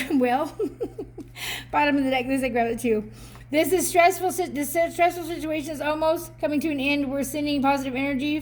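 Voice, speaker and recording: A woman doing a casual oracle card reading, chatty and upbeat, reading card text aloud and laughing often. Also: sits high.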